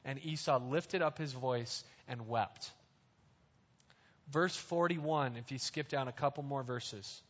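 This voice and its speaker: A man preaching a sermon, explaining scripture in plain, conversational words and speaking slowly and deliberately. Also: mid-range voice, a bit bright. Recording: reverberant hall, dull lo-fi sound.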